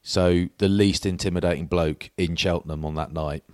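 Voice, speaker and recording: A man co-hosting a podcast, telling a lively anecdote in casual chat and mimicking the people in it. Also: sits low, moderate pace, no echo, clean studio sound. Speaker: podcast co-host.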